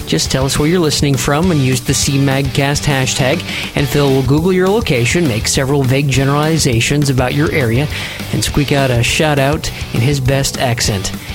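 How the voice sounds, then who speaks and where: A man hosting a podcast in a casual, playful way, teasing his co-hosts. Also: medium pitch. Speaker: podcast host.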